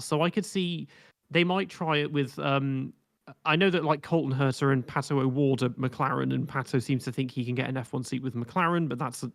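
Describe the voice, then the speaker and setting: A man's voice: on the high side, gravelly. A man speaking as a guest on a casual podcast, opinionated and rambling, with frequent restarts.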